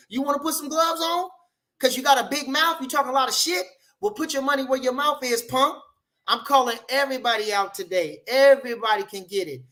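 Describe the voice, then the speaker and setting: A man hosting a live boxing talk show, reading the chat aloud and trash-talking loudly with plenty of profanity. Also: extremely high pitch.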